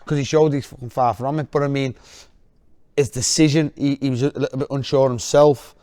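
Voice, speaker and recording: A man co-hosting a casual interview, asking halting, restarting questions. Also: mid-range voice, fairly even intonation, warm tone. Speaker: co-host.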